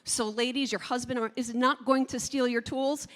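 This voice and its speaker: Woman from New Jersey, competition auctioneer; rapid climbing bid chant, high pitch, booming convention hall. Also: fairly even intonation, fairly bright tone. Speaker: auctioneer contestant. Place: large convention hall stage. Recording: long reverb of a large hall.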